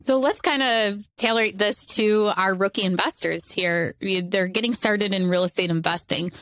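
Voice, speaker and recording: A woman's voice: medium pitch, normal speed, a bit bright. A woman co-hosting a podcast, asking a guest questions in a conversational way. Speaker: podcast co-host. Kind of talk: podcast interview.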